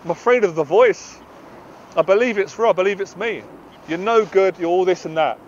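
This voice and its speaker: A man's voice: high-pitched, moderate pace, muffled recording, slight background noise. A British man, a confidence coach, giving a passionate, emphatic motivational talk to camera outdoors.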